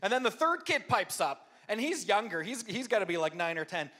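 A man preaching as a pastor to a live church audience, telling a funny self-deprecating story with lively impressions. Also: high-pitched, brisk. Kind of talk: humorous storytelling sermon.

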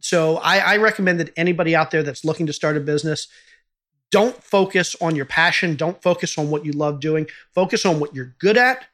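A man's voice: fairly high pitch, a little fast, fairly bright tone. A man who hosts a podcast, answering interview questions in an earnest, advice-giving way with small restarts. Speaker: podcast host and entrepreneur.

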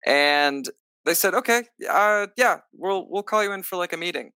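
A man, a stage actor, telling a story in a casual interview, lively and acting out what others said, with lots of filler "like"s. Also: high-pitched, moderate pace, clear, resonant tone, no echo, clean studio sound. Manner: animated, acts out quoted lines; many filler likes. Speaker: musical theater actor, guest.

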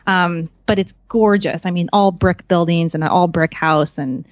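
A woman's voice: lowish voice, fairly even intonation, normal speed, no echo, muffled recording. A woman chatting as a podcast guest, rambling with many fillers and calling herself awkward. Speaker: podcast guest, magazine staffer. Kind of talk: casual chat.

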